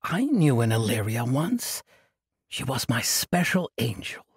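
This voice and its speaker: A man's voice: mid-range voice, very animated, measured pace, slightly rough, no room sound, clean studio sound, exaggerated voice. A man voicing an eccentric, childlike old monk who speaks grandly and playfully in an audiobook. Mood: whimsical. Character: eccentric ancient male monk, childlike and mischievous.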